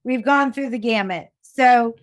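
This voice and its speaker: A woman hosting a podcast interview, warm-hearted and chatty, often restarting her sentences. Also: a little high, unhurried, no echo, clean studio sound. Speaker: podcast host.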